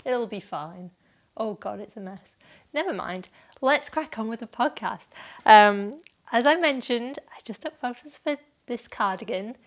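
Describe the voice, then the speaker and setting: A woman's voice: mid-range voice, expressive, unhurried. Chatty, laughing woman podcaster. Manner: chatty, laughs often, self-deprecating. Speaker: podcast host. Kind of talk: casual solo podcast chat. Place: at home.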